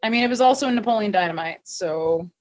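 A woman's voice: mid-range voice, quick pace, darkish tone. A woman co-hosting a podcast, chatting casually as she recaps an episode and quotes the characters. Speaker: podcast co-host.

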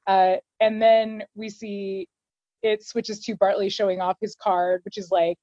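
A woman co-hosting a podcast, casually recapping an episode and acting out the characters' lines in quick voices. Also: mid-range voice, little pitch movement, warm tone, dry recording, highs cut off. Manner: chatty, quotes characters in quick put-on voices. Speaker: podcast co-host.

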